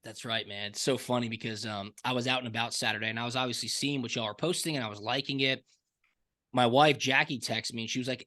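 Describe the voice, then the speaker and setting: A man's voice: mid-range voice, pushed and bright. A man from Atlanta hosting a sports podcast, chatting casually and telling stories with enthusiasm. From Atlanta, Georgia. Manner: enthusiastic, storytelling, quick asides. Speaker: podcast host.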